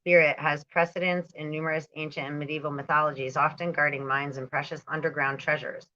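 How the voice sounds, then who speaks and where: A woman's voice: low voice, flat delivery, brisk, pushed and bright, dull audio. A woman reading aloud and commenting casually as she goes, stumbling over hard words and drifting into asides. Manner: reads aloud, stumbles on words, laughs and digresses. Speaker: spiritual channel host.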